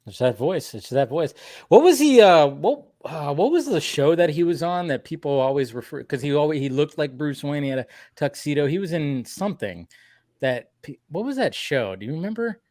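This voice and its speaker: A man with a fairly high voice hosts a casual chat. He is enthusiastic and keeps repeating his words. The sound is dry and close. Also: big pitch swings, moderate pace, a little mellow, no room sound. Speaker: stream host.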